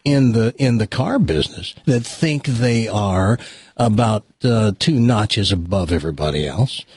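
Man, radio host, casual joking chat, animated pitch, husky, dry close sound. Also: a little slow, no echo. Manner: lively, joking, talks in asides.

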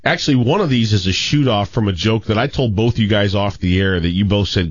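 A man hosting a radio show, telling long jokes in a rambling, animated way in casual banter, on a dull lo-fi recording. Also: lowish voice, brisk, hardly any pauses, no room sound. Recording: dull lo-fi radio studio sound.

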